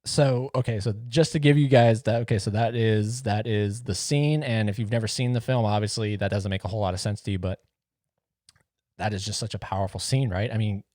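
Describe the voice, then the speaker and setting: A man's voice: lowish voice, fairly even intonation, fairly quick, warm tone, no room sound, studio quality. A man hosting a podcast, giving casual film commentary and rambling, repeating himself for emphasis. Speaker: podcast host.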